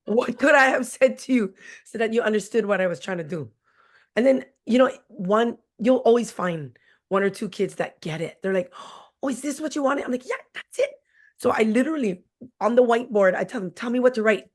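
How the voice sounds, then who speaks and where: Speaking fairly quickly at a fairly high pitch, this forties-aged teacher is a guest sharing candid conversational stories from her classroom. She's blunt and likes to joke.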